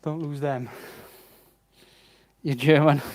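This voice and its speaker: A man's voice: on the high side, fairly even intonation, unhurried, darkish tone. A man giving casual commentary while he works on a car in a garage, muttering to himself with a wry, sarcastic tone. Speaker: home mechanic vlogger.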